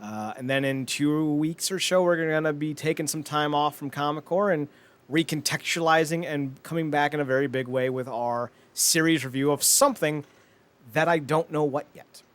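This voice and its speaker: A man co-hosting a podcast, excitable and mocking in casual chat. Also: a little high. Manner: excitable, mocking, quick to laugh. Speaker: podcast co-host.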